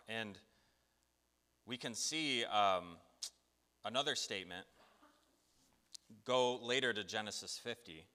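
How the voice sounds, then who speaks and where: A man preaching a sermon, telling a Bible story with lively acted-out voices. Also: lowish voice, slow pace, long pauses, in a large hall. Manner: animated storytelling, acts out biblical voices.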